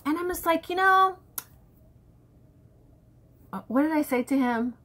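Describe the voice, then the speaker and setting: A woman's voice: high voice, fast talker. A woman vlogger chatting candidly to camera, telling stories from home life. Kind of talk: casual chat to camera.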